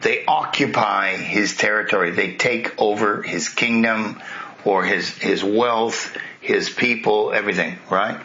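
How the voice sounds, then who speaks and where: Male spiritual teacher, lowish voice, retelling scripture with chatty asides, slightly muffled recording with faint hiss. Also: a little slow, sharp tone. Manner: conversational, with asides to listeners.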